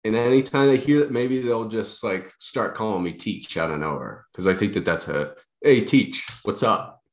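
A man's voice: lowish voice, moderate pace. A young man co-hosting a podcast, talking in a casual, rambling, self-deprecating way with lots of restarts. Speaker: podcast co-host. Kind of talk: casual chat.

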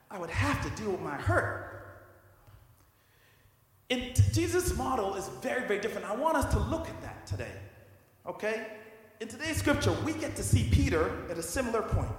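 A man's voice: very high-pitched, very animated, moderate pace, long pauses. A man preaching a sermon in a conversational way, acting out scripture characters in casual slang. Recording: echoey hall with long reverb.

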